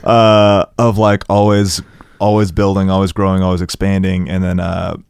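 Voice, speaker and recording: Deep, gravelly-voiced man, halting. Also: monotone, darkish tone, no echo. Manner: halting, many restarts, reflective. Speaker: musician guest. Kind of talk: casual interview chat.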